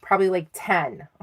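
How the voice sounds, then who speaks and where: A woman's voice: fairly low pitch, fairly bright tone, husky. A middle-aged woman giving a live tarot reading in a chatty, self-teasing way, laughing often. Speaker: tarot reader.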